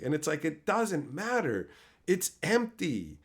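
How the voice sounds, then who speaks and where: A man's voice: fairly high pitch, takes it slowly. A man streaming, telling stories in a brash, snarky, profane way, from Canada. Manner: profane, animated storytelling. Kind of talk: casual stream chat.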